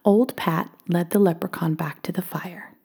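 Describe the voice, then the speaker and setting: A woman reading a children's storybook aloud, expressive and often dropping to a hush. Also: on the low side, normal speed, gravelly, breathy edge.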